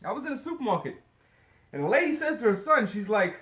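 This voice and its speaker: A man's voice: high voice, sing-song, fast, a bit bright. A man doing a first-time stand-up comedy set, rambling with lots of fillers and chuckling through his lines. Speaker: stand-up comic. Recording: echoey room with noise.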